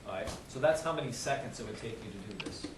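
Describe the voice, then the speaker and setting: A male teacher working through a math problem aloud with his class, counting digits slowly and teasing the students. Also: mid-range voice, lively intonation. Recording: echoey classroom from far off, loud noise.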